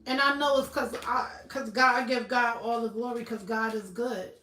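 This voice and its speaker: A woman's voice: on the high side, fairly even intonation, normal speed, pushed and bright. A woman chatting casually on a livestream, blunt and profane. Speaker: livestream host. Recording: roomy echo, slightly far from mic.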